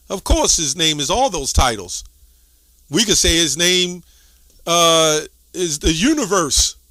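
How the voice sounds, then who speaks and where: A man giving a casual scripture commentary as a Bible teacher, tagging his points with "right?" and clearing his throat often. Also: mid-range voice, sharp tone, dry recording. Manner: conversational, tags lines with "right?".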